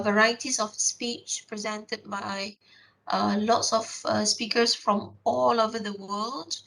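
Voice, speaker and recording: A woman giving a classroom lecture, explaining step by step with many filler pauses and restarts. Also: mid-range voice, gravelly, a bit bright, poor audio.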